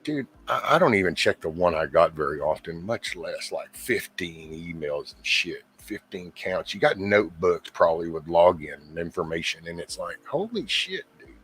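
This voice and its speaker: Man, low husky voice, bright tense edge, casual profane rant, mimics people. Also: very animated. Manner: profane, exasperated, mimics people in quick asides. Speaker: YouTube channel host. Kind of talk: casual rambling monologue.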